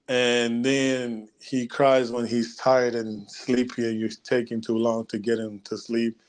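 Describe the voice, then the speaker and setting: A young man co-hosting a sports talk show, talking in a relaxed, casual way and laughing often. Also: medium pitch, unhurried, few pauses. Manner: laid-back, laughs often. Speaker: podcast co-host.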